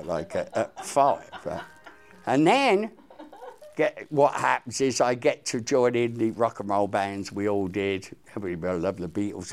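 An older man, a musician, animatedly telling stories as an interview guest. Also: medium pitch. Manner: animated, excitable anecdote telling. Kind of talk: storytelling interview.

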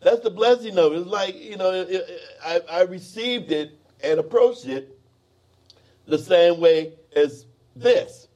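A middle-aged man, a guest musician, telling stories in a casual interview, animated and peppered with "man" and "you know". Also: high-pitched, a little slow, dull audio.

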